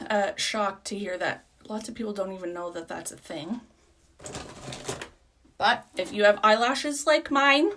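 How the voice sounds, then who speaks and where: A woman's voice: mid-range voice, a bit bright. A woman giving a casual live makeup tutorial as a beauty product consultant, chatty, rambling and self-deprecating.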